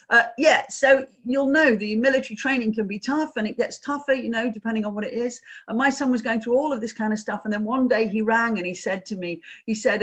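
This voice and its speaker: A woman's voice: fairly high pitch, a little fast, few pauses, fairly bright tone. A woman in her fifties giving an online workshop as a trainer, telling stories in a chatty way and asking her audience questions over a video call.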